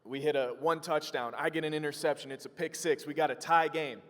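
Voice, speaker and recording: A young man from Wisconsin giving a motivational speech to a live audience, telling a story earnestly and emotionally, with energetic bursts. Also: fairly high pitch, brisk. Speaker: motivational speaker. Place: room with an audience. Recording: long hall reverb.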